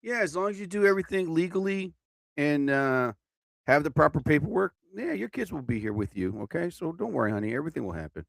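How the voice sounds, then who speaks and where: Middle-aged male streamer, slightly high and very animated delivery, rambling and cursing, quick to laugh at himself. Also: vocal fry, dry recording, clean studio sound. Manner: rambling, swearing and laughing at his own jokes. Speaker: live stream host. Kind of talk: casual live stream chat.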